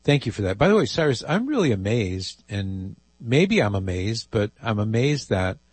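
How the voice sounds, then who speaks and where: Husky-voiced male radio host, wry. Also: lowish voice, very animated, normal speed, a little mellow, dry recording. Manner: chatty, wry, reads listener emails aloud. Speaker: radio talk show host. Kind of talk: casual radio talk.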